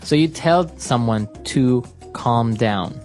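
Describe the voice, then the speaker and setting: A woman's voice: extremely low pitch, slow, darkish tone, soft background music. A woman hosting an English lesson podcast, explaining phrases steadily with frequent agreeing fillers. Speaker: English teacher and podcast host.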